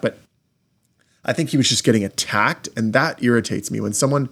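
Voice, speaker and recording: A man in casual sports chat, animated and profane, acting out what players said. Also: mid-range voice, brisk, gravelly, husky. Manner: animated, swears a lot, acts out quotes.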